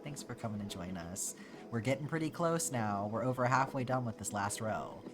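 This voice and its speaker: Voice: mid-range voice, normal speed. A streamer from Georgia chatting casually and answering live chat, talking through thoughts with many fillers and restarts. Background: background music.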